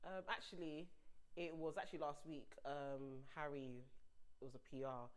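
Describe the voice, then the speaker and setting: A woman guest on a casual podcast chat, giggly and animated, often breaking into laughter. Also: low-pitched, moderate pace, poor audio. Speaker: podcast guest, music blogger.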